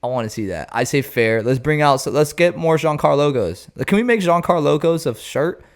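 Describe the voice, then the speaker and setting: A man hosting a baseball show, talking casually in an animated, jokey, rambling way. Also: a little high, brisk.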